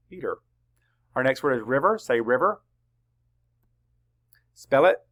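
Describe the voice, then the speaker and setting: Heard in a muffled recording, a man teaches young children to spell, slowly and deliberately dictating each letter and answering his own questions. His voice is medium-pitched, sing-song and a bit bright.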